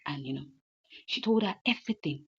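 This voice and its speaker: A woman's voice: low-pitched, lively intonation, brisk, husky. A woman retelling a drama story in a loose, chatty narration, often repeating her lines. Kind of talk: casual story recap. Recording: dull lo-fi recording.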